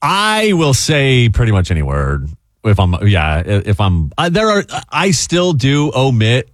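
Male radio co-host, lowish voice, joking and blunt, dry close studio sound. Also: no room sound. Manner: joking, playfully blunt banter. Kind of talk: casual chat.

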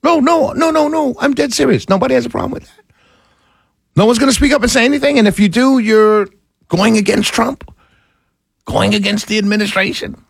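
A male talk radio host with a high, husky voice, speaking into a studio microphone. He rants with exasperation and piles up rhetorical questions at his listeners. The sound is close and dry. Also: brisk, pauses often, no room sound.

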